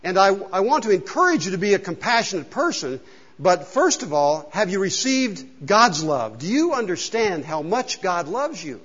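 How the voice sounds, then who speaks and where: A man's voice: high voice, very animated, moderate pace, fairly bright tone, slightly rough. A male pastor preaching a casual, joking sermon and asking the congregation questions, recorded in a church hall. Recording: dull sound with long hall reverb.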